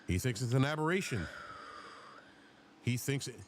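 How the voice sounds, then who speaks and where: Brief: male podcast host, heated profane rant, lively up-and-down delivery, faint hiss behind. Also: medium pitch, normal speed. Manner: blunt, profane, combative.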